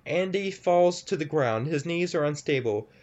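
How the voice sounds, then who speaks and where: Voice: mid-range voice, lively intonation, normal speed, a little mellow. A casual reader who giggles and stumbles over words while reading a scary story aloud to friends, on a lo-fi recording.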